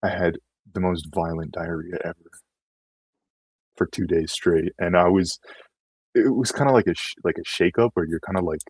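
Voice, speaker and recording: Low husky man, rambling storyteller. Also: steady tone, normal speed, dry recording, low-quality recording. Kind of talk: casual conversation.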